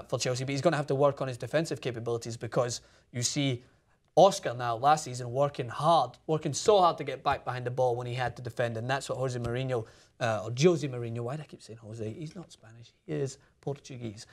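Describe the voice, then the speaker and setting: A man co-hosting a sports show, giving opinionated football analysis in casual chat with fillers. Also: mid-range voice. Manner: opinionated, quick, thinks aloud with fillers.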